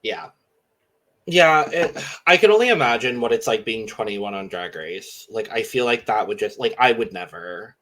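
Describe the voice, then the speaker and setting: A man in his twenties with a mixed Southern and Californian accent, co-hosting a podcast in a chatty, animated way. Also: fairly low pitch, moderate pace. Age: 20s. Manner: chatty, animated, acts out quotes. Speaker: podcast co-host. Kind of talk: casual chat.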